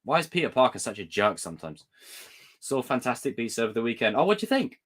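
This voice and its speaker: A man's voice: medium pitch, big pitch swings, fast, fairly bright tone. A young man hosting a live stream, chatting casually about movies in a rambling way and acting out scenes in exaggerated voices.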